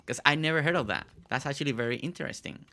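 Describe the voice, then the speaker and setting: A man's voice: on the high side, quick pace, pushed and bright. A man from Puerto Rico hosting a casual game stream, chatting in a rambling way with lots of fillers. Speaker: streamer host.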